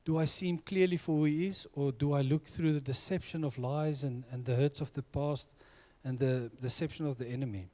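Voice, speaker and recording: A man's voice: fairly high pitch, fairly even intonation, a little fast, few pauses, mellow. A middle-aged man preaching a sermon, telling personal stories in an earnest way. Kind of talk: sermon with storytelling.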